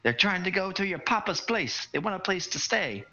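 A man voicing a curious, cheeky young hobbit boy who yells excitedly to his friends. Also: normal speed, highs cut off, faint music behind, heavily acted. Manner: excited, high childish yelling.

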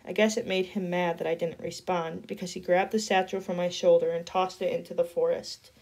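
A woman reading a novel chapter aloud in a steady storytelling voice. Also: lowish voice, fairly quick, gravelly. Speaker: reader.

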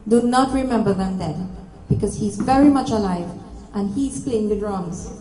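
Speaking with a mellow, medium-pitched voice at a moderate pace, a Trinidadian woman delivers a public talk and spirit readings. Her style is direct, coaxing, and repetitive. The recording comes from an echoey hall with faint background noise.

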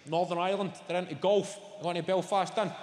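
A Scottish man in his thirties doing a stand-up comedy set, sweary and animated as he banters with the crowd. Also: high voice, fast, background noise. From Scotland. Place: large theatre stage. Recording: live theatre mic, long hall reverb. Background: audience ambience.

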